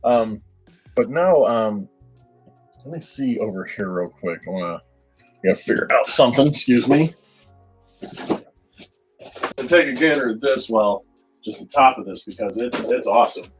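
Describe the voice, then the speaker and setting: A man's voice: mid-range voice, animated, measured pace, long pauses, faint music behind, rough recording. A man chatting casually with his livestream viewers, rambling, repeating words and laughing often.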